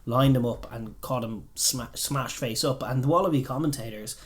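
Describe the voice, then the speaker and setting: Irish guy cohosting a podcast, animated, keeps restarting sentences, mid pitch. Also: normal speed. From Ireland. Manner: animated, restarts often, mimics commentators. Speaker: podcast co-host. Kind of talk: casual chat.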